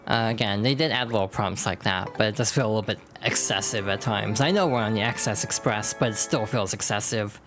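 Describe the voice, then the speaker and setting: A woman's voice: a bass voice, soft background music. Chatty woman streaming a game. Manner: chatty, quick asides with laughs. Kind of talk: casual game commentary.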